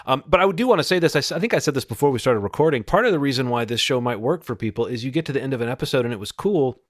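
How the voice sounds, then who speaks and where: A man of middle pitch hosts a relaxed podcast conversation, talking with eager energy and often restarting his sentences as he thinks aloud. His voice sits right on the mic in a dry room with no echo. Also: racing. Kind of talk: casual chat.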